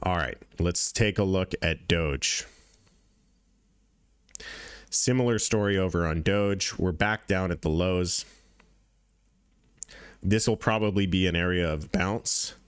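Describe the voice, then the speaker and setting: Man, deep voice, dry close sound, casual profane crypto chart commentary, emphatic repetition. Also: slow, long pauses, clear, resonant tone, no echo. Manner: blunt, profane, repeats points for emphasis. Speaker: crypto trading channel host.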